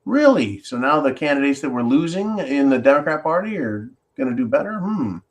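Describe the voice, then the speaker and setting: A man's voice: medium pitch, fairly quick. A man hosting an opinion show, ranting sarcastically and reading viewer comments aloud. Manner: animated, sarcastic ranting with mock-quoted voices. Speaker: host.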